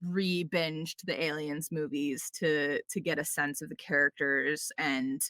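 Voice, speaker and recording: A woman voice actor, a guest on a podcast, chatting casually and telling quick anecdotes with playful quoted asides and lots of "like" and "um". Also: sits low, steady tone, a bit bright, no echo, clean studio sound. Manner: frequent fillers like "like" and "um".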